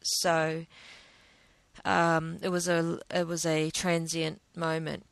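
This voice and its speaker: Woman, vlog storyteller, emotional and halting, slight vocal fry. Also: low voice, completely flat delivery, no echo. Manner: emotional, hesitant, many restarts. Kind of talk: personal storytime monologue.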